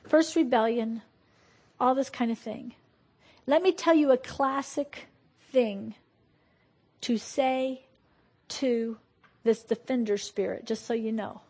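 A woman preaching a lively, conversational sermon and laughing often. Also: on the high side, takes it slowly, long pauses, slightly rough. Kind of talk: sermon on deliverance.

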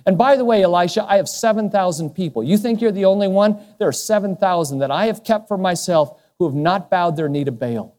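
A man voicing God as a calm, commanding presence reassuring a prophet in a slow, low, hushed way. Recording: long hall reverb.

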